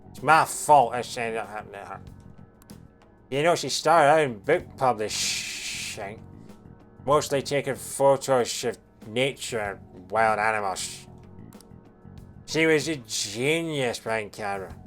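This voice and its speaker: A man's voice: medium pitch, a little slow, a bit bright, soft background music. A man voicing a drunk, brash female reporter, reading game dialogue aloud in a slurred put-on drunk voice. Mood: remorseful drunk.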